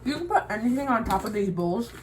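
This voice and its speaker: A young woman, a youth ministry leader, chatting casually while cooking and telling an animated story. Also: fairly high pitch, fast, a little hiss or hum, rough recording.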